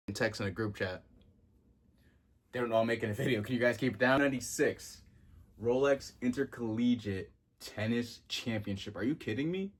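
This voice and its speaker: A young man in his twenties with a fairly low voice, chatting in a loose vlog style. He talks in slang and gets excitable, and his pitch jumps up when something catches his attention. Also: slightly rough. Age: 20s. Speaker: vintage clothing vlogger. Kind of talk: casual vlog talk.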